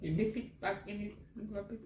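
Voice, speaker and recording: A woman's voice: mid-range voice, fairly even intonation, fairly quick, darkish tone, roomy sound. Brief: young Jamaican-accented female co-host, playful, distant from the mic, faint room noise. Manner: giggly, teasing. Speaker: vlogger. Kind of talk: casual food-tasting chat.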